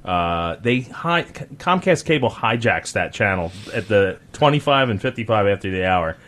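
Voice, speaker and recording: A man's voice: on the low side, animated, moderate pace, a bit bright, slight background noise. A man hosting a call-in radio talk show, chatting casually and joking with guests, mocking others in raised voices.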